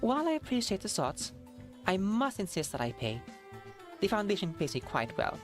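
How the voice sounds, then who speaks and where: A woman voicing a formal, courteous woman in a fan game dub, speaking softly and in a measured way. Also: mid-range voice, sing-song, soft background music, close to an everyday voice. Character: poised, courteous woman client paying a cab fare.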